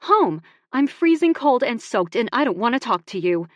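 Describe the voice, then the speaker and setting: A woman narrator voicing an upset young woman, with lines pitched high and spoken emphatically. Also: sing-song, moderate pace, no room sound, lo-fi sound. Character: young woman, upset and hurt, quick-tempered.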